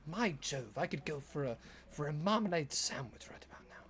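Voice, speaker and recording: A streamer putting on a posh, genteel Briton who dreams of tea, speaking in a lower, softer mock-posh drawl. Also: lively intonation, slow.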